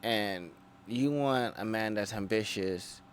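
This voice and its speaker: A man with a low voice co-hosting a casual podcast discussion. He builds his points slowly with frequent restarts, over a faint background hiss. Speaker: podcast co-host.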